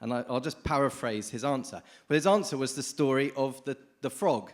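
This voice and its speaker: A man from the United Kingdom giving a lively, informal conference talk, often addressing the audience directly. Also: mid-range voice, a little fast. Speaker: conference speaker. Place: conference hall.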